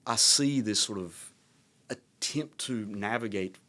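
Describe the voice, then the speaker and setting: A man in his thirties with a Southern American accent, speaking in a fairly low voice. He hosts a podcast conversation and muses reflectively, winding through his thoughts with plenty of fillers. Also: takes it slowly, sharp tone. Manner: reflective, rambling, many fillers. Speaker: podcast host. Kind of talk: casual conversation.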